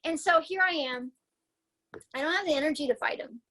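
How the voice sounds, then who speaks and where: A woman's voice: high-pitched, fairly quick, a bit bright, low-quality recording. A woman herbalist talking as a guest in a casual interview while she recovers from a concussion. She rambles in a chatty way, with many restarts, and laughs often.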